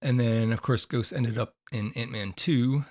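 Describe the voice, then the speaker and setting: A man's voice: mid-range voice, steady tone, a little slow, a little mellow. A man co-hosting a podcast in casual chat, rambling with fillers while losing his voice. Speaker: podcast co-host.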